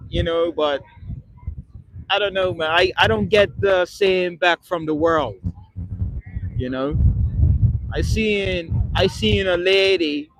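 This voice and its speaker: A man's voice: high-pitched, slight background noise, low-quality recording. A man on a live stream, reading and answering chat in a rambling, casual way, swearing often and ending most lines with "man". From not born in Britain. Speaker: livestreamer. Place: London.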